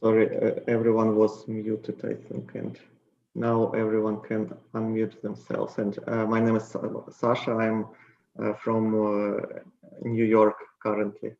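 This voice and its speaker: A man's voice: lowish voice, completely flat delivery, measured pace, gravelly, a little mellow, reverberant. A man with a mild Ukrainian accent speaking briefly and hesitantly on a video call. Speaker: assistant organizer. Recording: dull lo-fi video call audio.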